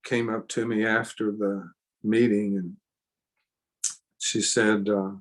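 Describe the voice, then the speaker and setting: Male seminar preacher, unhurried delivery, earnest and emphatic, circles back on words to drive a point home. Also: lowish voice, little pitch movement. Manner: earnest, emphatic, repeats phrases for stress. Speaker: seminar speaker. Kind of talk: sermon-style teaching seminar.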